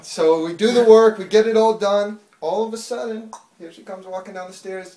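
A man preaching a personal testimony in an echoing church hall, his voice pitched a touch high and caught from some distance. He tells the story with animation, going from hushed asides to loud bursts. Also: fairly quick. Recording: echoey room, mic far off.

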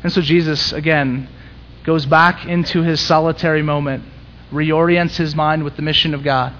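High-voiced pastor preaching emphatically. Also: male voice, fairly even intonation, normal speed, fairly bright tone, muffled recording, a little hiss or hum. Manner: conversational, emphatic, rising to intense peaks. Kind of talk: sermon.

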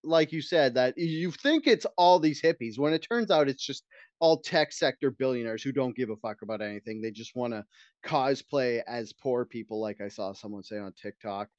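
A man's voice: medium pitch, moderate pace, no room sound, dull audio. A man co-hosting a podcast in casual chat, telling stories in a profane, ranting way. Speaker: podcast co-host.

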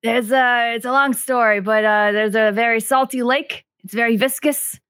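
A woman's voice: fairly high pitch, fairly even intonation, moderate pace, fairly bright tone, smooth, dry recording, studio quality. A woman playing a tabletop game, chatting and joking in character. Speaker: tabletop player.

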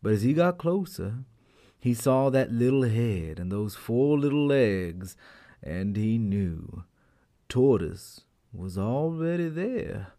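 A man telling a folk tale aloud as a storyteller, in an expressive, unhurried manner. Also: fairly low pitch. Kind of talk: animated storytelling.

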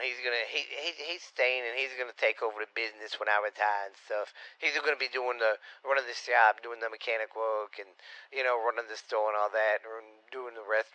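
A man's voice: mid-range voice, bright, forceful tone, no echo, dull audio, close to an everyday voice. A man playing a brash, proud, middle-aged Louisiana uncle who talks in boastful slang and rhyming catchphrases, with a slightly sore voice, as a comic podcast monologue. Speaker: comedy podcast character.

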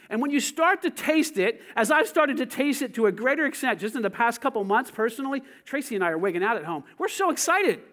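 A man preaching in a church with a high-pitched voice that leaps all over its range. He moves between soft, close lines and loud shouted calls to his congregation. It is a sermon delivered with full pastoral intensity. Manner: preaching with swings from quiet to shouted calls to the crowd.

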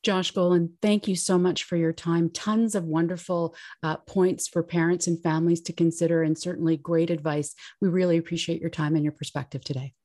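A woman with a notably deep voice hosts an interview. She asks her questions and thanks her guest in a measured, polite and formal manner. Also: little pitch movement, warm tone. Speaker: interview host. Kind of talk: interview hosting.

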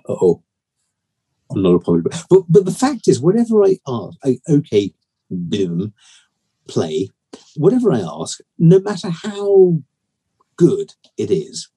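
A man's voice: a little high, mellow, slightly rough. A man chatting casually as a podcast co-host, telling stories and laughing often. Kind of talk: casual chat.

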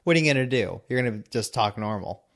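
A man's voice: medium pitch, fast talker. A man in casual conversation, talking frankly with lots of "like" fillers. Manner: relaxed, frank, sprinkled with "like". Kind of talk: casual chat.

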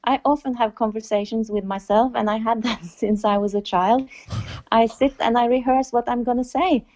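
A woman's voice: fairly high pitch, fairly even intonation, moderate pace, a little mellow. A woman from Norway, a philosophy teacher being interviewed, who speaks thoughtfully and repeats herself for emphasis. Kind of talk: conversational interview. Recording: dull lo-fi recording.

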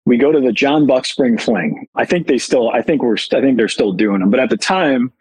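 A husky-voiced man telling a story on a podcast, animated and candid. His voice has a breathy rasp at a middle pitch. He pokes fun at himself as he talks. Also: brisk, low-quality recording. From Chicago. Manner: animated, candid, self-deprecating. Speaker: guest, company founder. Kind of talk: casual storytelling.

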